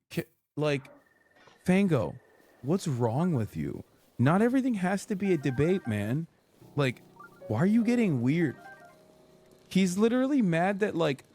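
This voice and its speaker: A man's voice: mid-range voice, a little mellow, slight background noise. A man streaming live, chatting casually and reacting to chat with lots of swearing. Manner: profane, chatty, reads chat aloud.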